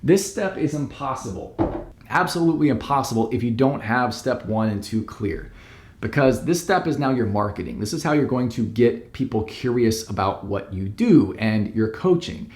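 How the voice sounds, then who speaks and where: A man's voice: mid-range voice, expressive, moderate pace, a little mellow, echoey room. A man who works as a business coach, giving direct, emphatic step-by-step advice to camera. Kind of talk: instructional talk to camera.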